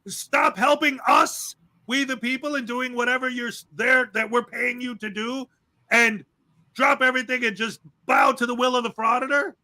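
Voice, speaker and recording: A male livestream host with a high, bright, forceful voice. He rants with sarcasm and drifts into rambling, long-winded stories during casual commentary chat. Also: fairly even intonation, moderate pace.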